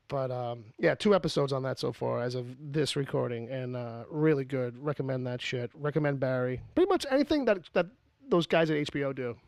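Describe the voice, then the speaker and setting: Gravelly-voiced man hosting a podcast. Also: mid-range voice, expressive, brisk, a little mellow, no room sound, clean studio sound. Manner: rambling, joking, with frequent fillers and restarts. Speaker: podcast host. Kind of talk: casual podcast chat.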